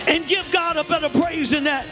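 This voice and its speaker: A male bishop preaching a sermon in a church, leading the congregation through call-and-repeat declarations that swell into shouts. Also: extremely high pitch, steady tone, brisk, over music. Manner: joking asides to the congregation. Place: church sanctuary.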